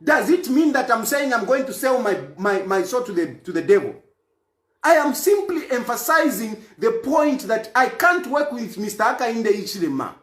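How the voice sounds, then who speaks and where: A man's voice: very high voice, big pitch swings, normal speed. A man giving a heated political monologue, repeating his points insistently. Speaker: political commentator. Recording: roomy echo.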